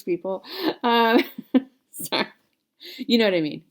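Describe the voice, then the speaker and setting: A woman's voice: medium pitch, animated, normal speed, gravelly, long pauses. A woman in her forties chatting casually to viewers as a cross-stitch vlogger, rambling along with fillers and self-corrections. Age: 40s.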